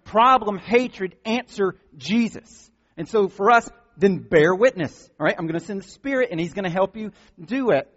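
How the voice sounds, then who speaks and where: A man preaching a sermon as a pastor, emphatic and repetitive, often checking in with "all right?". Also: high-pitched. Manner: emphatic, repeats points with frequent "all right?". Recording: dull long reverb of a church hall.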